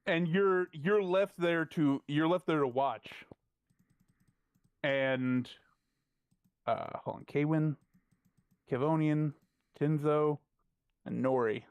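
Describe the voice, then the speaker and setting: A man narrating as game master, talking in halting bursts and often repeating his words. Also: on the high side, smooth, dry recording.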